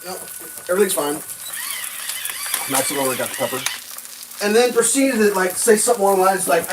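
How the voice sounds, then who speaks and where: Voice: medium pitch, animated, brisk, pauses often. A vlog host ranting casually over breakfast, rambling and sarcastic, swearing freely and laughing often. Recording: distant mic with faint noise.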